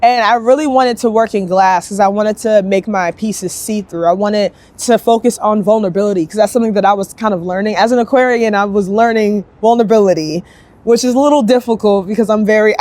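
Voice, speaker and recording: A young woman sculptor telling her story in a casual, upbeat interview, chatty and lively, acting out other people's lines as she goes. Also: medium pitch. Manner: chatty, upbeat, quick bursts, acts out quoted voices.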